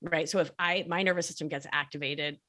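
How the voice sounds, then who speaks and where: Calm sing-song woman, low-pitched. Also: fairly quick. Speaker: podcast guest. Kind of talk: casual podcast conversation.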